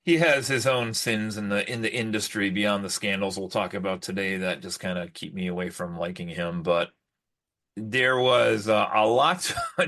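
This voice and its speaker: Man, podcast host, casual chat, fairly low voice, rambling with fillers. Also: a bit bright. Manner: rambling, with many fillers and restarts.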